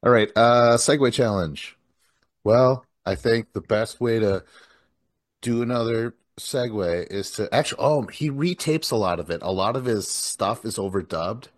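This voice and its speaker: A man's voice: mid-range voice, animated, measured pace, dry recording, studio quality. A man co-hosting a casual podcast chat, ranting bluntly and exasperatedly, with some swearing. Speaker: podcast co-host.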